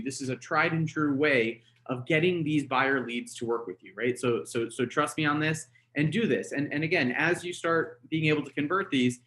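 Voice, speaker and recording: A fairly high-pitched, fairly bright male voice belongs to a real estate trainer from the United States. Speaking casually on a webinar call mic, he coaches with many fillers and frequent "right?" tags.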